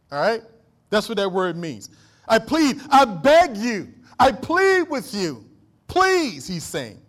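High-pitched guy preaching in church, asks the crowd to finish his lines, gets loud and slow on the big points. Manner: call-and-response preaching, rising to emphatic declarations. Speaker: pastor. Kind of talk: sermon.

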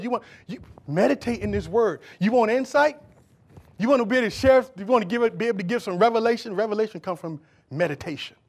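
A male pastor preaching a sermon, calling out to the congregation and swinging from loud bursts to hushed asides. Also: sits high.

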